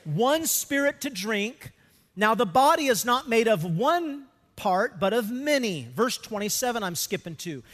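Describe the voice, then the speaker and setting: A man's voice: very high voice, sing-song, normal speed, hardly any pauses, a bit bright, in a large hall. A male pastor preaching a sermon, emphatic, asking the congregation questions and having them call out the missing words.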